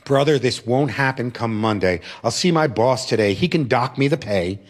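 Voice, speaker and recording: A man's voice: medium pitch, lively intonation, normal speed, pitched below the performer's own voice, close to an everyday voice. A man speaking as a tearful, earnest working mother.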